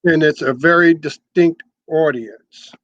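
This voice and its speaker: In a conversational interview, an older man who used to manage radio sales explains his long career in the business, restarting often and repeating words. He speaks at a measured pace in a higher, slightly bright voice. There's no room sound, but the recording is muffled.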